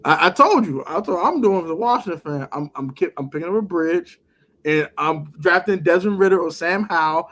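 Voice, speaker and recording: A man co-hosting a casual sports talk show, animated and laughing often as he acts out other people's words. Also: fairly high pitch, moderate pace. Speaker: podcast co-host.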